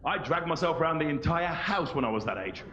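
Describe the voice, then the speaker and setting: A man in his thirties doing live stand-up comedy, animated and cheeky, acting out little voices. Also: fairly high pitch, quick pace, noisy background. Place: large theatre stage. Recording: roomy lo-fi VHS stage recording.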